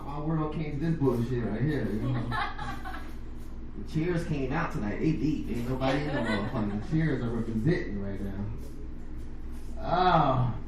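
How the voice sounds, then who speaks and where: A man's voice: medium pitch, very echoey, distant mic, noisy background. A man emceeing and doing stand-up at a comedy venue, crude and swearing as he hypes the crowd. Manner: crude, loud hype, swearing.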